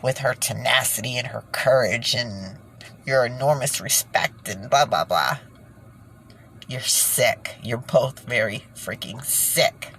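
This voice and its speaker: A woman's voice: a bass voice, slow pace, fairly bright tone, slight background noise, low-quality recording. A woman ranting indignantly in a casual monologue to her viewers, breaking off with sighs and nervous laughs. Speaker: vlogger.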